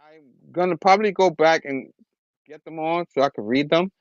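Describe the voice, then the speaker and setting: A man's voice: fairly high pitch, moderate pace, no echo, lo-fi sound. A man hosting a casual comic book review show, recapping the story in a rambling way. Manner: rambling recap with restarts and acted quotes. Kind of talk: casual chat.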